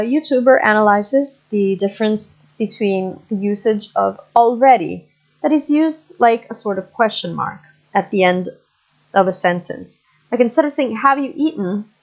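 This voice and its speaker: Woman lecturing online, muffled. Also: medium pitch. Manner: explains slowly with many fillers and checks for understanding. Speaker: university English lecturer. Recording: muffled lo-fi recording.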